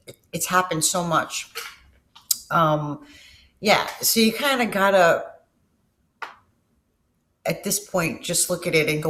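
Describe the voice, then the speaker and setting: A woman's voice: on the low side, moderate pace, pauses often, fairly bright tone. A middle-aged woman speaks straight to her viewers in a casual vlog, telling personal stories. She is candid and emotional and swears freely. Her sentences often trail off and start again. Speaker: vlogger. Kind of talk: casual personal storytelling to camera.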